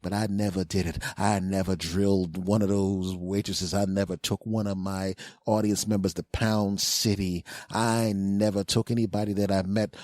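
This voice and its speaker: A male comedian and podcast host telling a crude story in an animated way. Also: deep voice, moderate pace, few pauses, no echo, studio quality.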